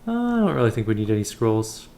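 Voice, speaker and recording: A man's voice: on the low side, quick pace, a little hiss or hum. A man hosting a let's play, giving casual, offhand commentary on a role-playing game. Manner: relaxed, offhand asides.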